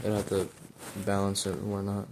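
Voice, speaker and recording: A man giving casual, rambling gameplay commentary, full of fillers, breaking into excited yelps while playing. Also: on the low side, fairly quick, noisy background. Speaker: gaming YouTuber. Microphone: phone.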